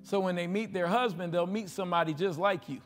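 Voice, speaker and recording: High-voiced preacher man in a reverberant hall. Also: a little fast, faint music behind. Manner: preacherly call-and-response, swinging between loud exhortation and hushed asides. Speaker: pastor. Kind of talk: sermon. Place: church sanctuary with a congregation. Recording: livestream with long hall reverb.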